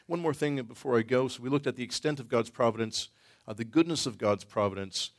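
A man teaching a church Bible study class, thinking aloud in a halting way with many pauses and restarts. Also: mid-range voice. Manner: thoughtful, halting, with frequent ums and restarts.

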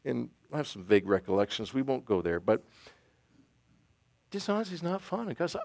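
A middle-aged man giving an informal church talk with audience questions, self-deprecating and halting, with many restarts. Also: mid-range voice, sing-song, vocal fry, darkish tone, dry recording. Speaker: church teacher. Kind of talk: informal sermon with Q&A.

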